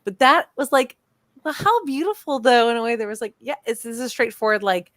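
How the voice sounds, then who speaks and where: A woman's voice: on the high side, brisk, dry recording, studio quality. A woman co-hosting a casual podcast, talking animatedly about horror movies and acting out characters' lines. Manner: animated, laughing, acts out quotes. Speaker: podcast co-host. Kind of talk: casual chat.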